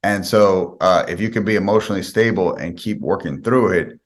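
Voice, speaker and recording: Guest spot: a deep-voiced man, earnest and conversational, who lays out his ideas one example at a time. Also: fairly quick. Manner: explains with step-by-step examples. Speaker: guest sales expert. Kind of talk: podcast interview answers.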